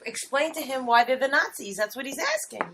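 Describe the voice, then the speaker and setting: A woman's voice: high voice, big pitch swings, a little fast, noisy background. A woman co-hosting a prank call who eggs the host on and feeds him lines. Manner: egging on, prompting.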